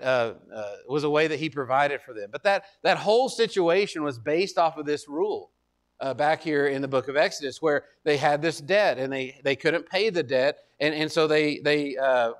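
Speaking at a normal speed, this male pastor has a voice on the high side. His sermon stays conversational, with frequent repeated words and questions asking listeners to recall.

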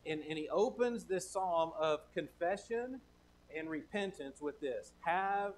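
A man's voice: high voice, expressive, unhurried, slight background noise, poor audio. A man preaching a sermon as pastor, emphatic, repeating key phrases and restarting often.

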